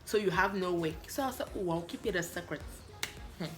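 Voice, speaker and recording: A woman from Africa telling a story in a lively vlog, acting out both sides of her phone calls. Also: on the low side, brisk, soft background music. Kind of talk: animated story-time vlog.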